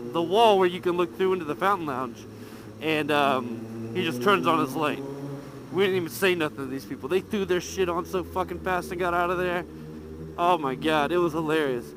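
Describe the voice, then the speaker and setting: A man's voice: a little high, background noise. A man telling a profane hotel story in a casual vlog, recorded on a helmet mic while out on his motorcycle. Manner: animated, profane, laughing storyteller. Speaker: motovlogger. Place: outdoors riding a motorcycle.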